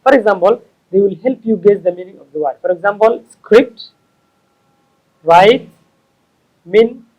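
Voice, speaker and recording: Man, high voice, English lesson, repeats and corrects himself. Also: a little mellow, low-quality recording. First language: Somali. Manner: slow, repetitive, stops to correct himself. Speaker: English teacher. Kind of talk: explaining tips to learners.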